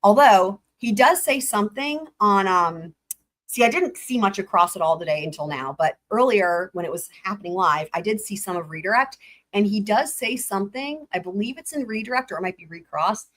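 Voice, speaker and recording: A woman's voice: medium pitch, expressive, moderate pace, a bit bright. A woman streaming live trial commentary, reading legal filings aloud and breaking in with incredulous, sarcastic asides.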